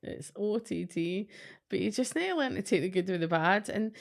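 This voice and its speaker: A woman's voice: mid-range voice, animated, moderate pace, vocal fry. A Scottish woman co-hosting a podcast, telling stories in a blunt, sweary, chatty way. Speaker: podcast co-host, psychic. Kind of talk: casual chat.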